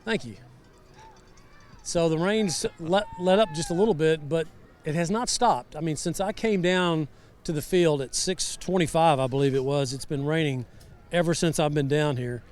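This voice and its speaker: A man commentating a high school football game live from a rainy outdoor stadium, chatty and storytelling. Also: normal speed. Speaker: sideline reporter and color commentator.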